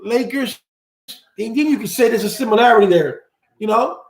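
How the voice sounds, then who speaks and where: High-voiced gravelly man with echo. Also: expressive, fast. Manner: rambling, repeats words while searching for them. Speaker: live stream host. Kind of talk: live chat commentary reading viewer comments. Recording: echoey room.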